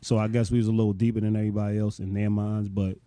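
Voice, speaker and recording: A man in his late thirties, co-hosting a podcast, telling a story in a relaxed, rambling way full of "you know". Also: on the low side, rapid-fire, smooth, dry recording. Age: late 30s. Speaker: podcast co-host. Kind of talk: casual storytelling chat.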